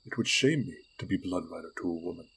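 A man's voice: low-pitched, lively intonation, fast talker, a bit bright, husky, heavily acted. A man reading the part of a troubled young male warrior in an audiobook, speaking hesitantly.

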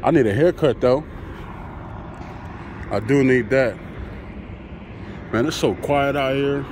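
This man, a truck driver, records a casual outdoor vlog next to a truck at a loading site, chatting to his viewers in a laid-back manner. His voice sits at medium pitch and he speaks slowly against a noisy background.

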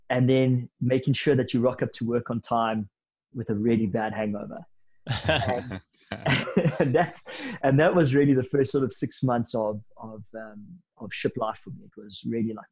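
Husky-voiced man telling a lively story. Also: mid-range voice, low-quality recording. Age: 30s. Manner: lively anecdotal storyteller, casual slang. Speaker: podcast guest. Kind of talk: storytelling in a podcast interview.

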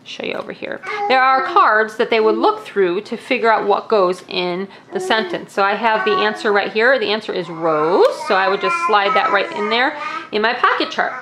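A woman's voice: mid-range voice, animated, normal speed, noisy background. A young woman casually demonstrating classroom activities, explaining each step with friendly "um"s.

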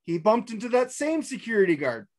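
A man's voice: high-pitched, sing-song, fairly quick. A man co-hosting a casual podcast, rambling through a story, cursing freely and restarting his sentences. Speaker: podcast co-host. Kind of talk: casual chat.

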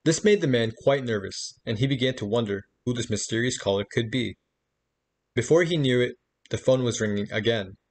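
A man telling a spooky campfire story in steady storybook narration. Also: mid-range voice, fairly quick. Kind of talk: reading a campfire story aloud.

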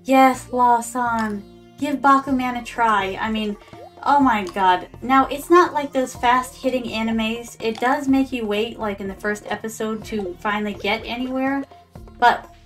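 A woman streaming a farming game, chatting casually with her viewers, calling them her darlings and dropping in Japanese words. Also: on the high side. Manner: chatty, talks to chat as "my darlings". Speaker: VTuber streamer. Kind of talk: casual gameplay commentary.

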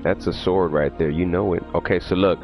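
A man streams a horror game live, rambling to his chat in a loose, profane and jittery way. His voice is very low. Faint game music plays in the background. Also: steady tone, a little fast. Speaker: livestreamer. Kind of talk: casual live gameplay chat.

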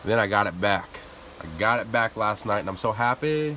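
Profane, animated male game streamer. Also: fairly low pitch, moderate pace, a little hiss or hum. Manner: profane, animated trash talk. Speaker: live streamer. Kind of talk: casual gameplay commentary.

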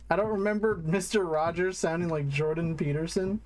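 A man's voice: high-pitched, expressive, normal speed, few pauses, a little mellow, a little hiss or hum. A man casually commenting while streaming a game, wry and self-deprecating.

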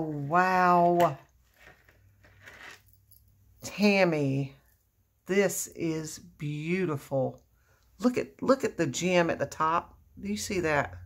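A woman chatting casually on her crafting vlog, gushing with effusive exclamations as she opens a gift. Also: medium pitch. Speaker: crafting vlogger opening happy mail. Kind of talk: casual unboxing chat.

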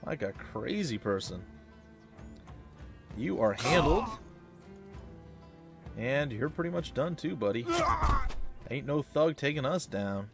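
A man hosting a let's play, giving chatty, excitable gameplay commentary that reacts loudly to hits and misses. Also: mid-range voice, slow pace, pauses often, music in the background.

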